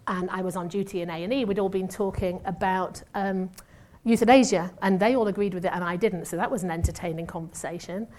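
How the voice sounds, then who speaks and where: A woman's voice: fairly low pitch, a little fast, few pauses, darkish tone. A woman, a former nurse sharing a testimony sermon in a chatty, self-mocking way with asides. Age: 50s. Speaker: church speaker and former nurse.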